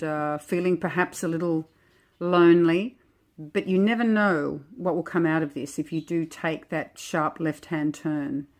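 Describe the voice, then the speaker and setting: A woman with a slightly low voice talks through cards one by one in a gentle, reflective way. She muses aloud, chatty and unhurried, as if sharing with a friend. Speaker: oracle deck creator. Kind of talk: casual walk-through of oracle cards.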